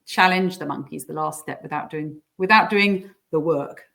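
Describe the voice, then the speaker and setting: A woman explaining coaching techniques in a casual interview, sometimes putting on squeaky voices for examples. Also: moderate pace, vocal fry, fairly bright tone. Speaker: guest coach.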